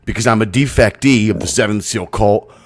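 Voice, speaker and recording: A man co-hosting a podcast, telling crude, rambling stories in a deadpan way. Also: lowish voice, a little fast. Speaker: podcast co-host. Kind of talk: crude comedic banter.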